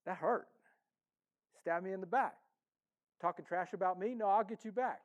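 A male pastor preaching a sermon in a conversational, playful way, acting out the congregation's thoughts and swinging between loud emphasis and soft asides. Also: high voice, normal speed, narrow, tinny audio.

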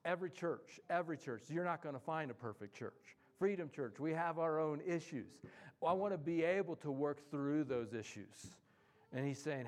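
A male pastor preaching a sermon in an animated, folksy way, acting out quotes. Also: mid-range voice, moderate pace.

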